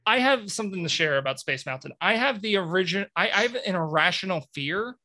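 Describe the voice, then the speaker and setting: A man hosting a podcast in casual chat, playful and animated as he talks. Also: high-pitched, a little fast. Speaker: podcast host.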